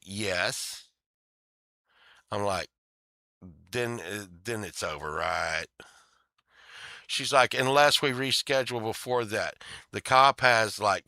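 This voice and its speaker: A man's voice: on the low side, sharp tone, no room sound, clean studio sound. A man telling a story in an angry, swearing rant, acting out the other people in it. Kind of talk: casual profane storytelling rant.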